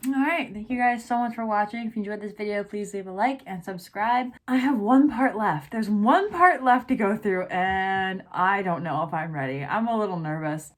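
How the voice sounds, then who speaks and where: A young woman chatting excitedly about a book she is reading, scolding its characters as if they could hear her. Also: medium pitch. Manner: excitable, chatty, talks straight to the book's characters. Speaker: book reaction vlogger. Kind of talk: casual reading reaction.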